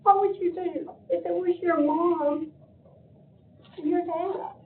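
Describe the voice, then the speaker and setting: A woman's voice: very high-pitched, steady tone, takes it slowly, slight background noise. An older woman giving an emotional public comment at a county meeting, pleading with her voice breaking. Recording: echoey room, phone-like meeting audio.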